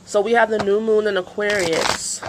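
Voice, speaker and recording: A woman's voice: mid-range voice, steady tone, normal speed, heavy background noise. A woman chatting casually in a rambling vlog before a tarot reading, with many fillers. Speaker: tarot reader.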